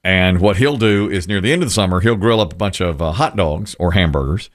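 Low-pitched male host, easygoing banter. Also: brisk. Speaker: radio show host. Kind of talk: casual chat.

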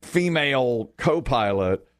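Sports talk guy, super animated, jumps all over in pitch doing bits, dry close sound. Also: slow, dry recording. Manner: animated storyteller, acts out quotes, laughs often. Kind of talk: casual sports chat.

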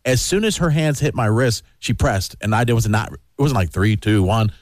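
A man's voice: fairly low pitch, moderate pace, dry recording, studio quality. A middle-aged man hosting a radio show who tells a story in casual chat and acts out other people's lines.

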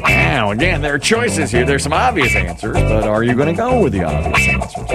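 Gravelly man hosting a radio game. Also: mid-range voice, huge pitch swings, a little fast, hardly any pauses, loud music behind the voice. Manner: playful, sing-song game-show delivery. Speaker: radio show host.

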